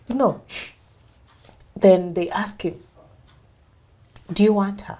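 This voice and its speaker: Woman, Kenyan accent, young adult, husky, middle pitch, interview guest, personal storytelling. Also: slow, pauses often, dark tone. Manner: mixes English and Swahili, acts out others' lines.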